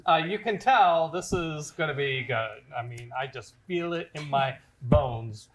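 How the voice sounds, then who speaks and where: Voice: medium pitch, lively intonation, a little slow, heavy background noise. Easygoing host reading stage directions. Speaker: host and narrator.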